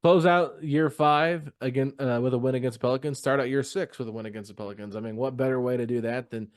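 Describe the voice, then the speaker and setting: A man's voice: medium pitch, fairly even intonation, fast talker, smooth. A man co-hosting a sports podcast in casual chat, playfully teasing and needling his co-host.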